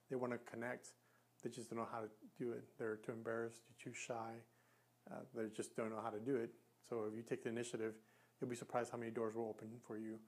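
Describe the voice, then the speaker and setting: A man's voice: medium pitch, darkish tone. A man giving earnest advice to camera, often restarting his sentences and demonstrating with his body. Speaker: communication coach. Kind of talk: instructional talk to camera.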